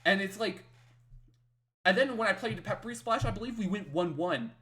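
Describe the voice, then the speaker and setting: Animated man telling a gaming story. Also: high voice, moderate pace. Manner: animated, builds to excited yelling when retelling wins; talks in fillers and repeated tag questions. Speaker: podcast co-host. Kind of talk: casual storytelling chat.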